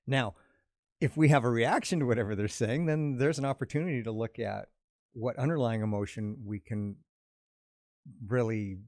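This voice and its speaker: A man in an earnest, reflective conversation about emotions, explaining his view calmly. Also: mid-range voice, no room sound, clean studio sound. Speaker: podcast host.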